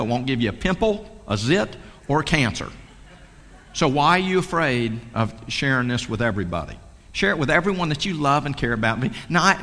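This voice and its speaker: A man's voice: on the high side, vocal fry, bright, forceful tone. A man giving a fervent, folksy sales pep talk at a meeting, repeating himself and preaching. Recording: long hall reverb.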